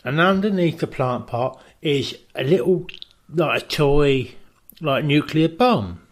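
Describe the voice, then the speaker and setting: Deadpan male comic storyteller. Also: a little high, takes it slowly. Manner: deadpan storyteller who acts out voices. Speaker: co-host. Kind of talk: comic podcast banter.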